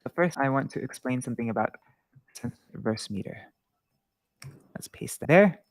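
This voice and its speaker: A man giving an informal screen-share lesson on Sanskrit verse, halting with many fillers and self-corrections. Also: medium pitch, animated, no echo. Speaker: Sanskrit teacher.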